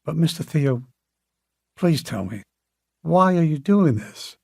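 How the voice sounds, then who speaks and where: A man's voice: a little high, animated, slow, vocal fry, slightly rough, dry recording, clean studio sound, pitched above the performer's own voice, exaggerated voice. A man voicing a polite young woman in an audiobook, raising his voice to ask hesitant but direct questions. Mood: probing. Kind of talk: audiobook character reading.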